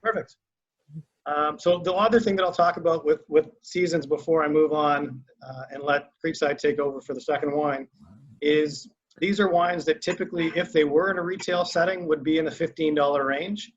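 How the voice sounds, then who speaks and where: Man giving a relaxed wine talk. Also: a little high, moderate pace. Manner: relaxed, conversational, many fillers. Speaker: winery sales rep. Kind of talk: wine tasting talk on a video call. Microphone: video call. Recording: muffled lo-fi call audio.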